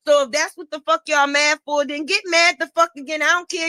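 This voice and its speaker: A woman's voice: high-pitched, fairly even intonation, brisk, hardly any pauses, sharp tone, dry recording, clean studio sound. A middle-aged woman, delivering a profane, confrontational livestream rant with repeated taunts. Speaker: livestream commentator.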